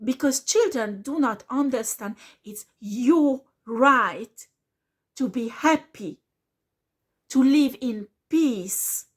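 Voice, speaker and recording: A woman gives a casual tarot reading. Her voice sits fairly high, and she takes her time, speaking slowly and earnestly and repeating her points. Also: expressive, slightly rough. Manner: earnest, repeats herself, slips into French words. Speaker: tarot reader.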